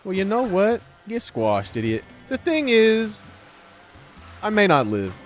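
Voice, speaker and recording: A man with a high voice streams a game live. He rambles to his viewers, swearing freely and dripping with sarcasm. Faint music plays behind him. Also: huge pitch swings, unhurried. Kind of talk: live-stream commentary while gaming.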